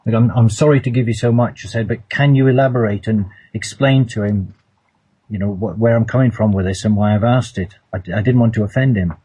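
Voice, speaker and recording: A man's voice: fairly low pitch, steady tone, fairly quick, mellow, slightly rough, rough recording. A man telling a personal story in a casual, hesitant way, often repeating words and restarting. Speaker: storyteller recounting a personal trip.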